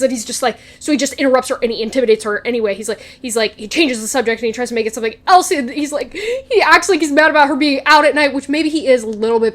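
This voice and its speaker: A young woman vlogger chatting casually and gushing as she recaps a TV episode, slipping into quoted lines. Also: on the high side. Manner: gushing, animated, quotes characters in voices.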